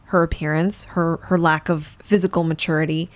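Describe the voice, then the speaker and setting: A psychologist co-hosting a podcast talks in a thoughtful, explanatory way. Her voice sits a little low for a woman. She pauses on fillers as she reasons things out. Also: level tone. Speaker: psychologist co-host. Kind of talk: podcast discussion.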